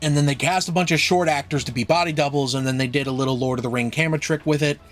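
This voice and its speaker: Give me a man with a fairly high voice casually co-hosting a film podcast. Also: steady tone, fast talker. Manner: shares fun facts, swears freely, laughs. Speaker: podcast co-host.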